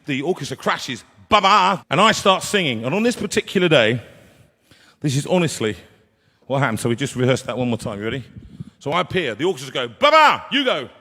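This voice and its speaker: A man, an opera singer telling a comic story live, animated and acting out characters. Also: mid-range voice, fairly quick. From England. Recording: long hall reverb.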